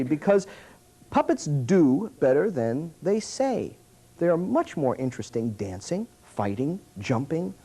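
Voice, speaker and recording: A man teaching a puppetry workshop in an animated, demonstrative way. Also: fairly high pitch, rough recording.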